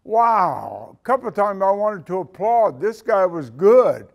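An older man, a retired senior military leader, giving a talk as an animated storyteller who acts out the dialogue. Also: high voice, unhurried, vocal fry. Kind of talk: storytelling speech to an audience.

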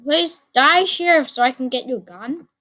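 On her own gaming channel, a woman delivers excitable let's play commentary, repeating phrases and yelping suddenly. Her voice is high-pitched and her speed is normal.

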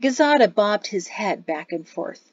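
A woman narrating an audiobook in an expressive storytelling voice. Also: mid-range voice, moderate pace, no room sound, dull audio. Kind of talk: scripted narration.

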